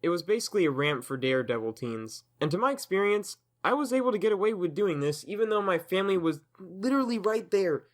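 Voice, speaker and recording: A man's voice: high voice, animated, fast talker, hardly any pauses. Jokey young man telling storytime. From Tennessee. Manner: jokey, self-deprecating, full of asides. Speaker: animator, storyteller. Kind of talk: comedic animated storytime narration.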